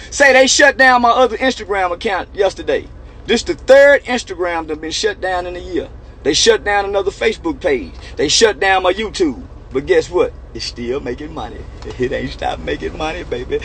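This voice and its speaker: A man's voice: high-pitched, animated, moderate pace, a bit bright, slight background noise. A man ranting in a casual vlog, bragging and taunting his critics in profane street slang, repeating himself again and again. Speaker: online personality. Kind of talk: boastful casual vlog rant.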